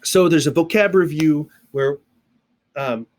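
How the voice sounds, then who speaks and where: A man's voice: on the high side, measured pace, a little mellow, a little hiss or hum. Man, teacher, casual recorded lesson, step-by-step explanations, playful sound effects, indoors on camera. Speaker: sign language teacher. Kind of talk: casual recorded video lecture.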